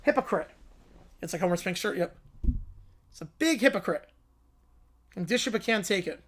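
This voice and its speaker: Sarcastic young livestream host. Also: male voice, sits high, lively intonation, a bit bright, a little hiss or hum. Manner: sarcastic, quick, joking. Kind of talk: casual livestream chat and story reading.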